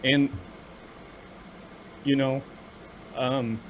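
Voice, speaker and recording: A man's voice: medium pitch, level tone, dull audio, a little hiss or hum. A man co-hosting a casual discussion, speaking earnestly and restarting his sentences often. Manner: earnest, halting with many restarts. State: choked up with emotion. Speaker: podcast co-host.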